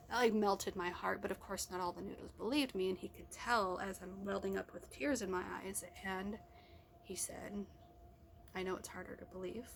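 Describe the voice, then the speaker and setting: In a casual personal vlog recorded in a car or at home, a middle-aged woman rambles to herself with frequent restarts. She speaks at a normal speed in a creaky, medium-pitched voice with fairly even intonation, over slight background noise.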